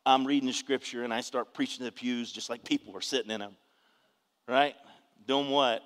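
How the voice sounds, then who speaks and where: A man, preaching a testimony in an animated storytelling way with bursts of shouting. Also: mid-range voice, a little fast, in a large hall. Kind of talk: testimony sermon.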